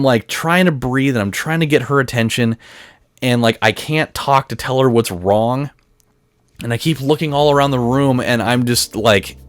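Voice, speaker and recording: A man hosting a gameplay video, telling a long story in a rambling way, full of restarts and swearing. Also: medium pitch. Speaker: let's play host. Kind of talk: casual gameplay commentary, telling a dream.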